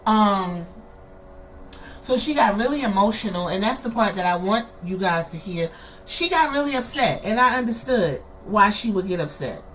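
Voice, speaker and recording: A woman's voice: medium pitch, animated, moderate pace, fairly bright tone, rough recording. A woman hosting a podcast, frank and blunt in casual commentary, swearing freely. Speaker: podcast host. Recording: faint background noise.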